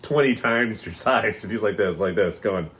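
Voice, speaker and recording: A man's voice: on the low side, moderate pace, fairly bright tone. A man co-hosting a podcast, telling stories in a rambling casual chat and mimicking other people's voices as he goes. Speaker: podcast co-host.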